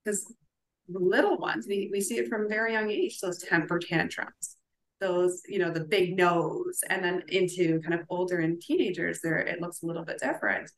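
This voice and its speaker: She has a somewhat low voice and an earnest, conversational delivery. She speaks in a relaxed podcast chat and now and then acts out the words a parent might say to herself. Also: moderate pace, rough recording. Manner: earnest, acts out quoted self-talk.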